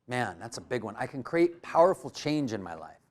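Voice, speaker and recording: A man giving a live motivational workshop in a room full of people, energetic and coaching the audience with direct prompts. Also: medium pitch, brisk. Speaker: workshop speaker.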